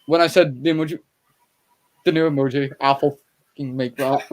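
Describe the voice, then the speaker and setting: A man's voice: medium pitch, steady tone, a little fast. A man hosting a casual movie chat, rambling with stammering restarts and swearing freely.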